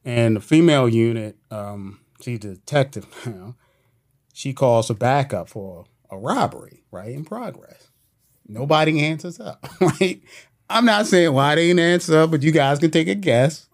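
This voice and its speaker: Man telling a police story, animated. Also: medium pitch, normal speed. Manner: animated retelling with slang and quoted voices. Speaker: police officer guest. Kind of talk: casual storytelling interview. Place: podcast studio.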